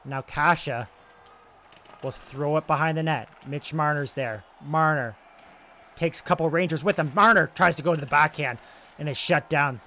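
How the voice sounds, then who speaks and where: A young man doing excitable play-by-play commentary over a video game, moving between loud calls and quiet asides, his voice getting strained. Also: fairly high pitch, normal speed, a little hiss or hum. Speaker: gaming YouTuber doing play-by-play.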